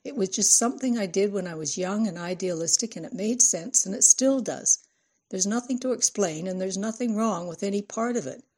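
Woman reader voicing a calm husband who smooths things over; mellow, husky. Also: medium pitch, a little fast, lightly acted. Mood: defensive. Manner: reasoning, placating, sighing. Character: middle-aged husband, patient and placating.

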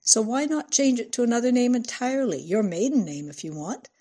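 A woman voicing a husband who reasons and soothes his upset wife, in a husky, mellow voice. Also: a little high, brisk, voice pushed up. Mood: defensive. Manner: reasoning, placating, sighing. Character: middle-aged husband, patient and placating.

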